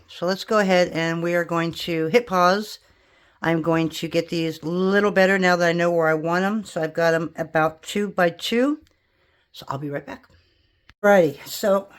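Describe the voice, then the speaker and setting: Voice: mid-range voice, moderate pace. A polymer clay crafter in a home studio, casually thinking aloud and chatting to viewers while working.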